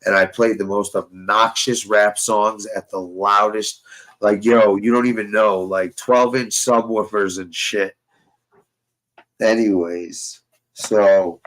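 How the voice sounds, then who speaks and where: A man's voice: lowish voice, fairly even intonation, slow pace, fairly bright tone, rough recording. A young man telling rambling, profane stories in casual chat with a friend. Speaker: host.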